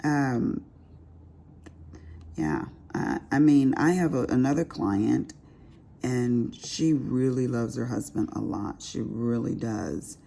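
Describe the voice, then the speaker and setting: A woman's voice: very deep voice, slow, creaky, dark tone. A middle-aged woman, chatting casually and expressively to her viewers while she crafts, calling them honey. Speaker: diamond painting vlogger.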